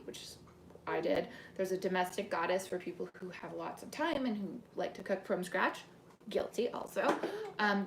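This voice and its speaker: A woman's voice: medium pitch, reverberant, far from the mic, noisy background. A woman hosting a live cooking demonstration from her home kitchen, chatting to viewers and greeting them by name as she explains each step. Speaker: cooking demo host and cookbook author.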